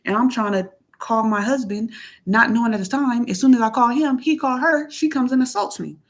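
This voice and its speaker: A woman vlogger venting in a casual monologue, reading out text messages and commenting on them in a plainspoken, aggrieved way, often clearing her throat. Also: a little high, fairly quick. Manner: plainspoken, aggrieved, repeats herself.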